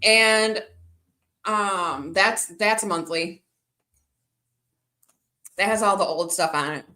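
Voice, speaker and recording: A woman's voice: mid-range voice, takes it slowly, sharp tone. A woman livestreaming to her viewers, chatting casually and rambling between stories and replies to comments. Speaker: livestreaming vlogger. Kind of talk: casual live-stream chat.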